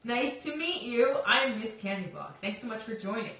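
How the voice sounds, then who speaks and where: Bubbly high-voiced woman live-stream host. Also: big pitch swings, normal speed, fairly bright tone, far from the mic. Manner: bubbly, sing-song, greets viewers by name. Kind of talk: casual live-stream chat with viewers. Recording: echoey room, voice off-mic.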